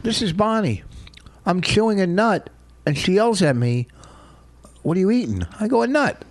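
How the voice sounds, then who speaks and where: A man's voice: high voice, sing-song, moderate pace, no echo. A man co-hosting a podcast, chatting casually and teasing his co-host with playful banter. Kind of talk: casual chat.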